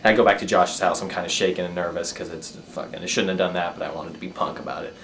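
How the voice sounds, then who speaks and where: A man's voice: deep voice, fairly even intonation, fast talker, vocal fry, fairly bright tone, a little hiss or hum. A man telling a rambling, profane story about himself, laughing at his own mishaps. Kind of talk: casual personal storytelling.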